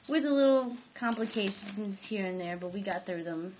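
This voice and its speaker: A woman's voice: mid-range voice, animated, normal speed, a little mellow, a little hiss or hum. Giggly rambling teenage girl. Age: high school senior, late teens. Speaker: vlog co-host. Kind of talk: casual chat.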